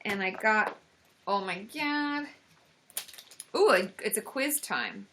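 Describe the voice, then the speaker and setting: A woman therapist hosting a casual livestream, excitable and gushing, full of gasps and exclamations. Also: mid-range voice, slow pace. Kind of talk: casual live-stream chat.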